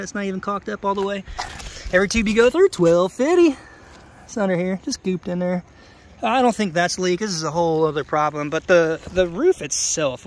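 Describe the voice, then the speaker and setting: A man's voice: high voice, a bit bright. Sarcastic chatty man inspecting a roof. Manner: sarcastic, chatty, talks to viewers. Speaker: roofing contractor. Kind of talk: on-site roof inspection vlog. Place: outdoors on a roof.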